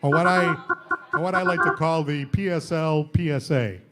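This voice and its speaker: A man's voice: fairly high pitch, normal speed, heavy background noise. A man hosting a live variety show, delivering a comedy monologue and laughing at his own jokes. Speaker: host. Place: studio stage with audience.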